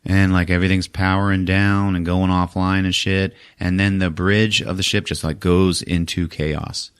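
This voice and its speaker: A man's voice: low-pitched, normal speed, smooth. A man hosting a podcast, recapping a movie in casual chat, swearing freely and acting out the characters' lines. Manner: animated, swears a lot, acts out characters' lines. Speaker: podcast host.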